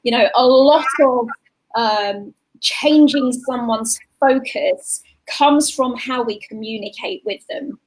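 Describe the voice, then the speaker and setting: A woman's voice: on the high side, takes it slowly, low-quality recording. A woman, a guest on a talk show, giving practical parenting advice in a casual explanatory way. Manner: warm practical advice, mimics sing-song voices. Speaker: guest, children's coach.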